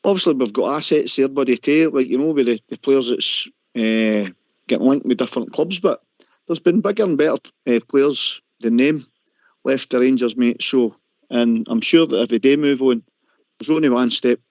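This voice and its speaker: A man's voice: medium pitch, normal speed, a little mellow, no room sound. A man with a Scottish accent calling a radio phone-in, chatting casually and calling everyone mate. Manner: chatty, keeps saying mate. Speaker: caller. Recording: muffled phone-in audio.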